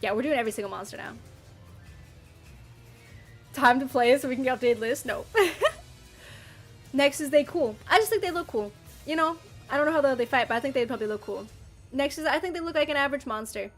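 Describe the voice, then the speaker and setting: Playful streamer woman, slightly high voice. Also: brisk, long pauses, soft background music. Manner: playful and animated, reacting to chat with mock outrage and laughs. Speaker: streamer reading chat. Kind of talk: casual livestream chat.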